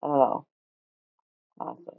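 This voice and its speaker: A woman's voice: normal speed, no echo. Rambling, swearing woman on a tinny line. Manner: rambling, swears freely, gets loud and exasperated. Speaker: livestreamer. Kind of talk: casual rambling chat. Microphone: streaming mic. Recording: tinny phone-like dry sound.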